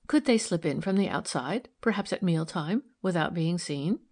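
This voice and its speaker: A woman voicing a kind young female investigator who asks gentle, probing questions in an audiobook. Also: on the low side, expressive, moderate pace, husky. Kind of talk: audiobook character reading.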